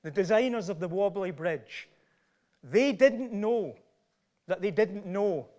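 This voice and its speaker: A man's voice: high-pitched, darkish tone. A middle-aged man with a Glasgow Scottish accent giving a public lecture, emphatic and full of rhetorical questions. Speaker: professor giving a talk.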